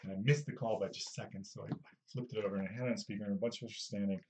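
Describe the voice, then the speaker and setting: A man's voice: on the low side, fairly even intonation, rapid-fire, darkish tone, slight background noise. A man chatting casually during a streamed board game, explaining rules and telling joking stories. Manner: joking anecdote teller.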